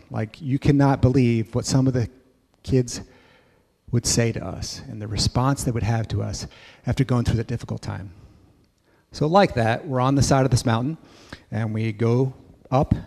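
A man telling a story in a sermon at church, lively and acting out voices. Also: mid-range voice, long reverb tail. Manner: animated storyteller, acts out kids' voices. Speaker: church speaker.

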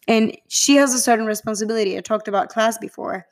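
A woman's voice: fairly high pitch, steady tone, quick pace. A woman from Spain, gushing and swearing casually as she reviews a film in a chatty vlog. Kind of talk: casual chat.

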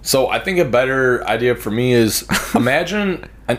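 A man's voice: mid-range voice, expressive, normal speed. A man in his twenties, hosting a podcast, telling profane stories in a rambling, casual way and acting out what others said. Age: 20s. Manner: profane, rambling storyteller who acts out others' lines. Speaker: podcast host. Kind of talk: crude casual chat.

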